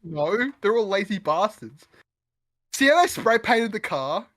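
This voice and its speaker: Swearing young Australian man, lively pitch. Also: unhurried. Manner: laid-back, swears often, laughs a lot. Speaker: podcast co-host. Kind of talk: casual chat.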